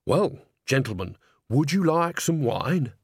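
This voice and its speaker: Chatty old witch lady, sly and teasing, pitched way up, man putting her on, storybook read. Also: sing-song, slow, breathy edge, no room sound, studio quality, full character voice. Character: nosy cheerful old witch woman.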